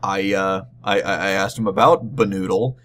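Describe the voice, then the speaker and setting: Rambling, halting young man vlogger. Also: low voice, fairly even intonation, a bit bright, a little hiss or hum. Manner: rambling, halting, many restarts and fillers. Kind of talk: casual convention recap.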